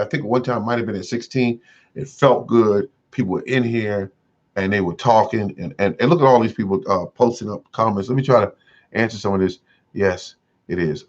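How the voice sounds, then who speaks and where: A man hosting a casual gardening livestream, rambling and repeating himself with many fillers. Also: medium pitch. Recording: dull lo-fi sound.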